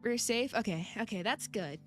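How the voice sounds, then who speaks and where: A woman's voice: on the high side, normal speed, soft background music. A woman streamer chatting casually with her viewers and reading game text aloud, giggling often and rambling.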